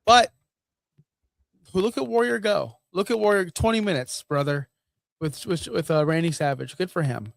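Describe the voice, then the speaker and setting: A man's voice: high-pitched, moderate pace, gravelly, long pauses, no room sound. A man co-hosting a wrestling podcast, laid-back and joking, swearing and calling people brother. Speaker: podcast co-host. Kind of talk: casual wrestling podcast chat.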